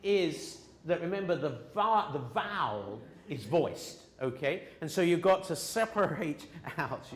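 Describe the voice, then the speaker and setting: A man's voice: fairly high pitch, sing-song, unhurried, hardly any pauses, roomy sound. A man teaching a pronunciation class, patiently explaining sounds step by step and drilling his students. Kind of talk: classroom lesson.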